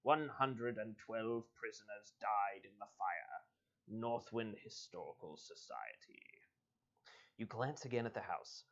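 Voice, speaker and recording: A man hosting a live stream, reading an adventure book aloud at an unhurried pace and stopping for casual asides. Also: on the low side, creaky. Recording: dull lo-fi stream audio.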